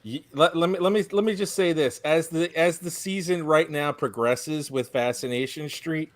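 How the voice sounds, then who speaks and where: A man's voice: fairly high pitch, normal speed, no room sound. A man, co-founder of an audio drama company, chatting animatedly on a podcast and often restarting his sentences. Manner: animated, stumbling restarts, excitable. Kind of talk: casual podcast chat.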